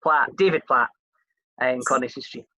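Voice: mid-range voice, a little fast, bright, forceful tone, no room sound, rough recording. A Scottish interview host chatting casually, rambling a little with fillers and restarts.

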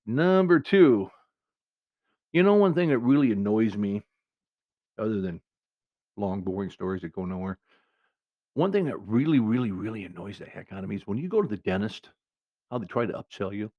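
A man's voice: on the low side, lively intonation, normal speed, pauses often, dry recording, phone-quality sound. A man hosting a podcast, telling meandering comic stories in a folksy, self-interrupting way. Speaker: podcast host. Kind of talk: rambling comic storytelling monologue.

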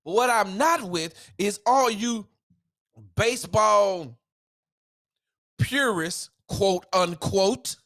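A man's voice: high voice, drawn-out words, pauses often, fairly bright tone. A man hosting a solo sports podcast, ranting in a heated, emphatic way with casual slang.

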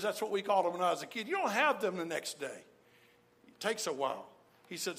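A man's voice: sits high, big pitch swings, fairly quick, vocal fry, a bit bright. A middle-aged man preaching a sermon, stressing points by repeating key phrases. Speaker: pastor.

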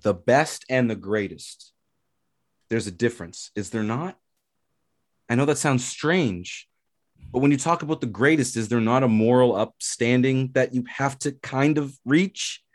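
A man's voice: medium pitch, unhurried, no echo, studio quality. A man hosting a casual sports podcast, ranting hotly with swearing and repeated phrases. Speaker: podcast host.

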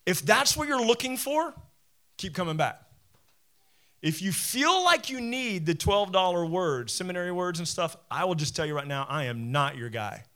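Animated, bright-voiced male pastor. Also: sits high, normal speed. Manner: animated, conversational, self-deprecating. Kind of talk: sermon.

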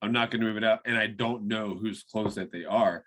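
A man's voice: on the low side, steady tone, brisk, fairly bright tone. A man co-hosting a podcast, chatting casually and agreeing with his friend. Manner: laid-back, agreeing, chiming in. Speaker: podcast co-host. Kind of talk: casual chat.

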